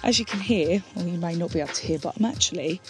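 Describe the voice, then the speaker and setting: A woman's voice: lowish voice, quick pace. A woman in her thirties from Essex with an Essex accent, a poet chatting reflectively about her own poem outdoors on a hill, slightly out of breath and self-deprecating. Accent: Essex English. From Essex, England. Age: 30s. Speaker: spoken word poet. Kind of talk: casual spoken explanation of her poem. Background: background music.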